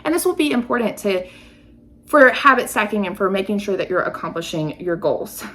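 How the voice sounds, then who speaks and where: A woman's voice: mid-range voice, brisk. Woman host explaining daily routines. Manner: chatty, explains with examples, lively emphasis. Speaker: podcast host. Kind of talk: casual podcast teaching.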